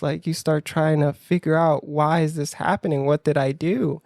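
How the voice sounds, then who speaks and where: Animated man telling a dating story. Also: on the high side, moderate pace, vocal fry, no room sound, studio quality. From United States, near New York. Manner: animated, acts out his own lines in quotes; frequent "like" fillers, laughs through story. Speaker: podcast co-host. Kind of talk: casual storytelling chat.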